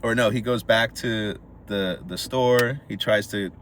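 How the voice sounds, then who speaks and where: With a fairly low pitch and a slightly slow pace, the co-host retells a film on his podcast in an easygoing way. His storytelling is animated, complete with acted-out character lines, and some slight noise sits behind him.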